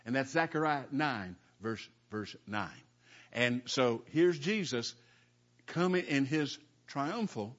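A man preaching a sermon in an earnest, halting way, often repeating words as he reads and explains scripture. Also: medium pitch, expressive, fairly bright tone, dull audio. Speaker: pastor.

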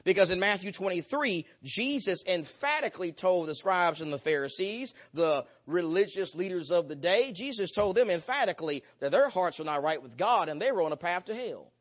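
Emphatic high-voiced male preacher. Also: a bit bright, highs cut off. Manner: emphatic, repetitive preaching cadence with rising intensity. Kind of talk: sermon.

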